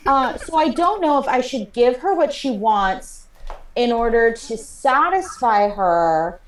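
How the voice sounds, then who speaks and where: A woman's voice: a little high, lively intonation, slow, recorded from a distance. A young woman playing a character in a tabletop game, rambling with lots of fillers. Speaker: player. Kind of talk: in-character improvised role-play. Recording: roomy sound from off-mic.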